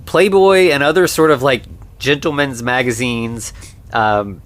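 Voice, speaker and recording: A man's voice: medium pitch, a little slow, slight background noise. Rambling man recapping a film. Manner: rambling, heavy on fillers like "like" and "you know". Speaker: podcast co-host. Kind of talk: casual movie recap chat.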